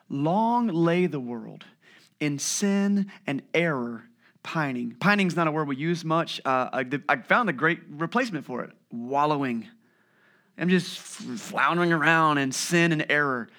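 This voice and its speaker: Animated male pastor preaching a sermon. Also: fairly high pitch. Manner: animated storytelling, acting out family voices; drops to a hushed voice on heavy points.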